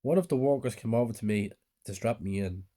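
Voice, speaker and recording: A man's voice: fairly low pitch, a little fast, mellow. A man narrating a horror story in a subdued, plain storytelling way.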